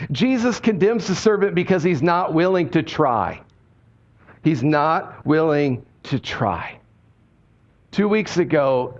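A man's voice: high voice, highs cut off. Earnest male pastor preaching casually. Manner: earnest, conversational, emphatic repetition. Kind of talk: sermon.

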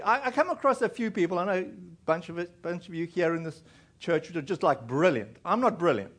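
A man with a high-pitched voice preaches a sermon in a church. He tells his story in a loose, rambling way, full of fillers and restarts. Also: fairly bright tone. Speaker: pastor. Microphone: recorded in a church.

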